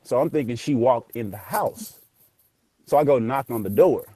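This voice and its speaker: A man tells a ghost story casually, animated and profane, acting out the voices. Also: mid-range voice, normal speed, dry recording. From Memphis area, US South. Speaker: guest telling a ghost story.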